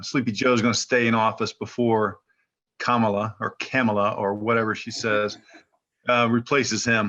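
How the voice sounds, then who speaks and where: A man calling in to ask a question, quick and a bit apologetic. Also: mid-range voice, fairly bright tone. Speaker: caller. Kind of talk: casual call-in question. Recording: dull lo-fi line.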